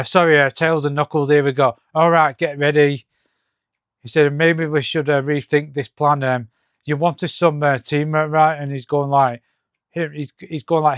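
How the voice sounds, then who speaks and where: A man walks through a comic book issue, talking in a halting, hesitant way with many fillers and restarts, and reading the dialogue aloud in his own voice. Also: a little high, clean tone, dry recording, studio quality. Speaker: comic reviewer. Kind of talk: casual comic-book walkthrough.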